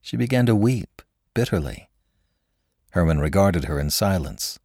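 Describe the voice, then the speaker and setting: A man's voice: extremely low pitch, a little slow, darkish tone, no echo, clean studio sound. A man narrating a classic story in a scripted, dramatic reading. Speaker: podcast narrator.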